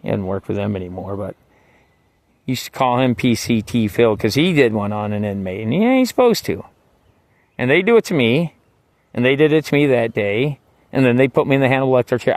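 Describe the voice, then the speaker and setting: A man's voice: mid-range voice, creaky, dry recording. A man casually recounting his own time in jail, rambling, profane and wry, with lots of filler words. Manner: rambling and profane, full of "like" and "you know"; wry, swings between quiet asides and heated outbursts. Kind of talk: casual spoken personal story.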